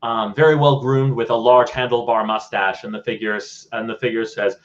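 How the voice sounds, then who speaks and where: A man's voice: mid-range voice, level tone, fairly quick, few pauses. A man narrating as game master in a tabletop game, in a casual, rambling way. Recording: dull lo-fi audio.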